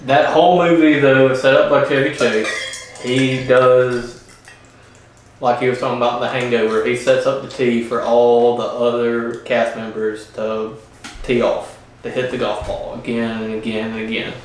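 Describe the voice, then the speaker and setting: A man co-hosts a casual movie chat, laid-back and measured, with a few "um"s. He sits back from the mic at a mid pitch, and the room echo is strong. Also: little pitch movement, distant mic, a little hiss or hum. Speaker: co-host.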